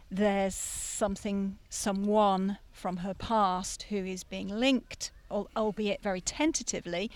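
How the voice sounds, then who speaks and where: A woman author guest on a podcast, explaining her ideas with enthusiasm in casual chat. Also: medium pitch.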